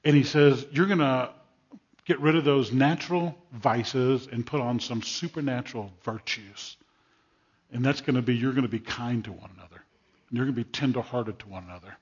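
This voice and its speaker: Husky older man preaching a sermon. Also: mid-range voice, normal speed. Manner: emphatic preaching with storytelling asides. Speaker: pastor. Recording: dull lo-fi sermon recording.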